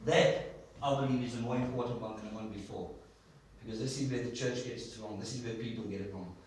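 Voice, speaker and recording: A man's voice: lowish voice, fairly even intonation, fast talker, darkish tone, a little hiss or hum. A man preaching a sermon in a church, telling stories and asking the congregation questions. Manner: storytelling, asks the congregation questions. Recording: echoey church hall from far off.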